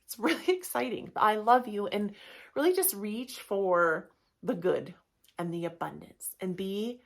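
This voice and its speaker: A woman hosting her own yoga podcast, speaking alone to her listeners. Her talk is casual and gushing, full of encouragement and open affection. She sounds middle-aged, with a voice that sits in an ordinary middle pitch. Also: measured pace, creaky. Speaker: yoga teacher and podcast host. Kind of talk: casual motivational podcast monologue.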